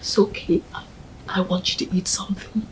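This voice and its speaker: An actress playing a young woman with a Nigerian accent who comforts her partner in a soft, half-whispered voice. The tone is dark and mellow, with a faint hiss in the background. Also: medium pitch, measured pace, natural voice, rough recording. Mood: tender. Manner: soft, tender, often whispering. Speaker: grieving widow, then comforting partner. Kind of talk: Nollywood film acting.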